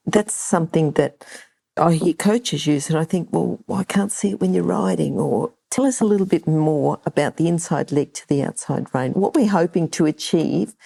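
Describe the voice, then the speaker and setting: Brief: female podcast host, low mellow voice with gravel, casual rambling questions. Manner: chatty, rambling lead-in to questions. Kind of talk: interview question.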